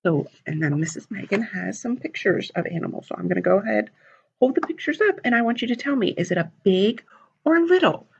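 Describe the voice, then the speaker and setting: A woman librarian reading a picture book aloud at a children's storytime, animated and asking the kids questions. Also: mid-range voice, brisk, creaky, breathy edge. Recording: dull lo-fi recording.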